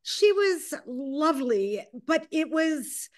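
An older woman with a slightly high voice recalls her film work in an unhurried, reflective way. She wanders through her answers, pausing on fillers and restarting sentences as she gathers her thoughts. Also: big pitch swings. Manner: meandering, with many fillers and restarts. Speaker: film director, guest.

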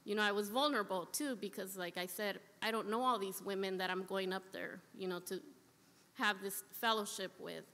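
Standing in the church sanctuary, a member shares her testimony with earnest feeling, repeating phrases to drive them home. She speaks at medium pitch and normal speed, in a sharp tone with fairly even intonation, and the hall's long reverb echoes around her.

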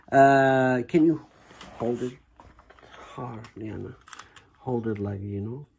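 A man talking to his small daughter at home in a home vlog, patient and gently coaxing, in simple broken English. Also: mid-range voice, extremely slow, vocal fry, long pauses, slightly rough. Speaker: father filming his young daughter. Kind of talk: casual home vlog talk to a child.

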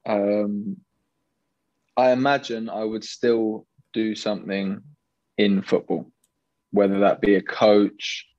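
A young man with an English accent, chatting casually as an interview guest, relaxed and hesitant with many fillers. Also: lowish voice, no room sound, highs cut off. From England. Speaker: professional goalkeeper guest.

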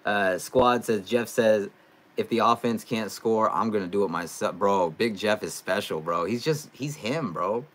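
Chatty lower-voiced man on a live stream. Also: measured pace. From California. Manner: loose and chatty, with bursts of loud excitement. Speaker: live streamer, sports fan channel host. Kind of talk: casual live stream chat, reading comments.

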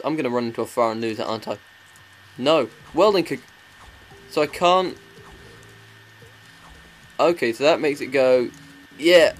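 A man's voice: medium pitch, normal speed, pauses often, slight background noise. A man giving crude, sarcastic commentary while playing a video game. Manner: crude, sweary, sarcastic ranting. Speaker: let's play commentator.

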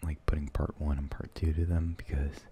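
A man rambling in soft-spoken ASMR, half-whispering and hesitating as he searches for words. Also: a bass voice, level tone, fairly quick, slightly rough. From United States. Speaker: ASMR channel host.

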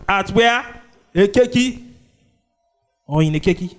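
Nigerian pastor preaching with call-and-response. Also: male voice, sits high, expressive, moderate pace, long pauses, soft background music. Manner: call-and-response preaching, prompting the congregation with "what?". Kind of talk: sermon.

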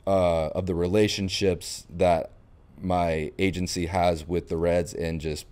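Smooth, deep, and measured in pace, this young Florida man is a baseball catcher appearing as a podcast guest. He tells stories in a casual interview, animated throughout, voicing the quoted lines as he goes.

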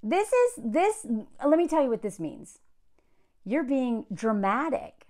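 A woman's voice: high voice, big pitch swings, slow pace, mellow. A woman from the American South giving casual reaction commentary on a dating show, chatty and sarcastic. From Southern United States. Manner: chatty, sarcastic, mocks others in put-on quotes.

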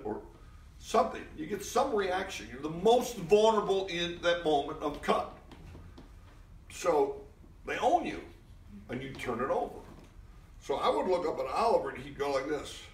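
A man, a guest actor, tells anecdotes at a live interview event before an audience, his fairly high voice very animated, at normal speed with frequent pauses. He speaks loosely, restarting often, swearing, and acting out those he quotes. The room is echoey, the mic distant, with slight background noise.

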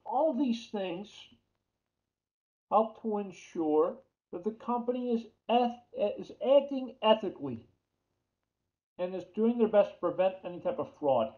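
A man with a high, mellow voice and a New York accent gives a chatty accounting lecture, repeating key terms and asking the class questions. The lecture audio is dull and lo-fi.

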